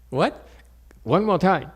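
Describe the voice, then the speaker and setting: With a high-pitched, husky voice, a Chan meditation teacher gives a playful Buddhist dharma talk to a live audience in a meditation center hall. He jokes and often checks in with his listeners.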